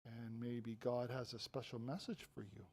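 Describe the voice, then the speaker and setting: An older man playing an old male priest in a children's Bible story, speaking softly and gently. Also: mid-range voice, steady tone, moderate pace, slightly rough, pitched below the performer's own voice, natural voice. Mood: gentle.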